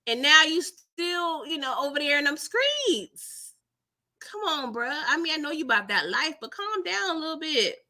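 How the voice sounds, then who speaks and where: A woman's voice: high-pitched, big pitch swings, moderate pace, sharp tone. A woman hosting a casual live recap of a TV episode, chatty and full of slang, laughing often as she talks. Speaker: TV recap host.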